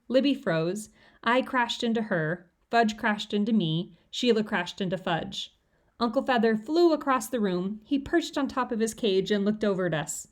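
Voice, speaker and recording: Woman reading a children's book aloud. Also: moderate pace. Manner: lively, shifts pitch for each child character. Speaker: audiobook reader. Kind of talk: storybook read-aloud with character voices.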